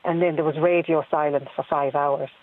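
A woman's voice: deep voice, fairly even intonation, normal speed. A woman calling in to a radio show, telling her story earnestly and hesitantly, with many ums. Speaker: caller. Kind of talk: radio phone-in. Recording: phone line on radio.

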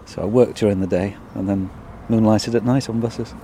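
Middle-aged man, bus driver, low voice, relaxed and laconic. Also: moderate pace, a little hiss or hum. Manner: relaxed, brief answers, chuckling.

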